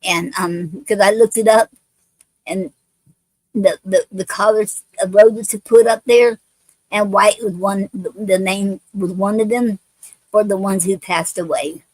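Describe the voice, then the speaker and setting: Woman, poetry show host, slow delivery, dry close sound, halting speech full of fillers. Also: medium pitch, steady tone, a little mellow, no room sound, rough recording. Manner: halting, many fillers and restarts. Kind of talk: reading poems aloud and chatting.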